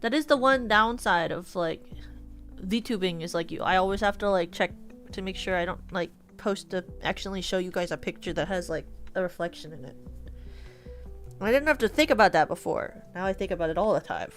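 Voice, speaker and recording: A woman's voice: on the low side, fairly quick, fairly bright tone, faint music behind. A young woman with a West Coast American accent, chatting casually on her stream in a rambling way, full of fillers and restarts. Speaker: VTuber streamer. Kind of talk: casual chat.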